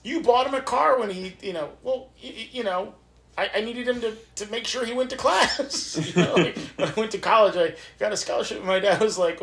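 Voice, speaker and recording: A man hosting a podcast, casually telling family stories in an animated way, swearing freely and acting out what relatives said. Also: high voice, fairly quick. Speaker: podcast host. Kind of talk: casual chat.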